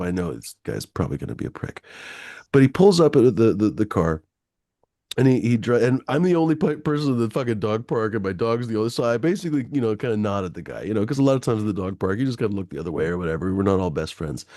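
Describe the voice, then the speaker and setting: A man with a lowish voice, recorded at studio quality with no room sound, tells a long personal anecdote in casual conversation. He's animated and profane, swearing freely and packing his speech with fillers.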